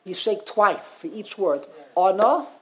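A man's voice: sits high, big pitch swings, measured pace. Male teacher, informal class, repeats himself and throws questions to the room.

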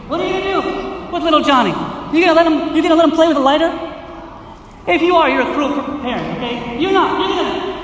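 A middle-aged male pastor preaching a lively sermon, acting out voices and questioning his listeners, recorded from a distance in a community center hall. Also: very high-pitched, slight background noise. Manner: animated, acts out quoted voices, asks the crowd questions. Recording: echoey hall, voice from far off.

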